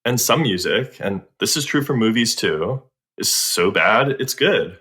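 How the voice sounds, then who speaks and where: A male podcast co-host with a lowish, bright voice that moves a lot in pitch. He chats in a slangy, easygoing way among friends. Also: expressive, unhurried. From United States. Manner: slangy and laid-back. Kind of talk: casual comedic chat.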